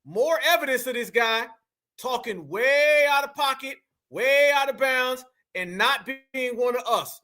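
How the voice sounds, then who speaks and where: A man's voice: extremely high pitch, measured pace, sharp tone. A man hosting a reaction commentary, mocking the people in the clips and calling his viewers fam. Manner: mocking, calls viewers fam, mimics others. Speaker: commentary channel host.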